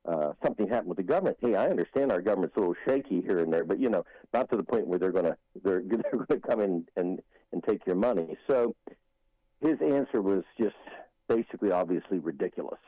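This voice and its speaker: Guy calling into a radio show, rambles and restarts a lot, dull muffled line, no room echo. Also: lowish voice. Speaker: political commentator guest. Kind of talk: casual talk radio commentary.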